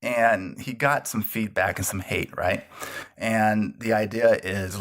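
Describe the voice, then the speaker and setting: A man's voice: fairly low pitch, steady tone, slow pace, fairly bright tone. A man giving an earnest motivational talk to his viewers. He speaks conversationally, repeats his key points and keeps tagging sentences with "right?".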